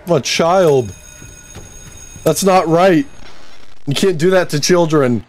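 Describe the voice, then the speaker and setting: A young man doing casual gameplay commentary, excitable and swearing, often breaking into laughter. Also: fairly high pitch, unhurried, long pauses, faint music behind. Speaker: gaming YouTuber.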